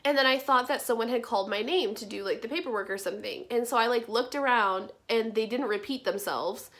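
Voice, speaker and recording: A young woman with a slightly high voice recounts a personal story in a casual vlog. She talks in a chatty way, dropping "like" often and swearing freely as she retells it. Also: a little fast, fairly bright tone. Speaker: vlogger.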